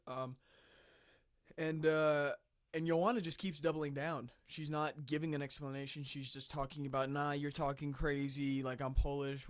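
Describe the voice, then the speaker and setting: A man hosting casual reaction commentary. He talks conversationally with restarts and clears his throat now and then, a little phlegmy from the cold. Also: mid-range voice, dry recording, clean studio sound. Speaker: commentary channel host.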